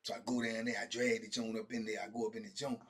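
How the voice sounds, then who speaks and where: A man's voice: fairly low pitch, fast talker. A middle-aged man hosting a show, animatedly telling a prison story in slang, acting out the people in it and often checking in with his listener. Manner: lively, slangy, acts out the other people he quotes; keeps checking in with "right?" and "you know what I'm saying?". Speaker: host telling prison stories.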